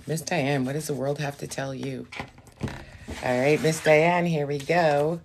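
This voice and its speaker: Low-pitched woman tarot reader, chatty, reassuring, slips into whispers on a live stream. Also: steady tone, slow pace, a little hiss or hum. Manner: chatty, easily sidetracked, drops into whispers; warm and reassuring toward viewers. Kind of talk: casual live tarot reading.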